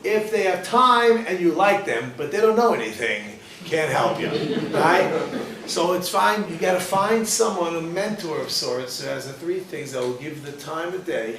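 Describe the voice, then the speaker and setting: A man teaching a class as a rabbi, animated and questioning, acting out quoted people. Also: on the high side. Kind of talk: lively lecture with questions to the audience. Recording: echoey room, mic at a distance, faint noise.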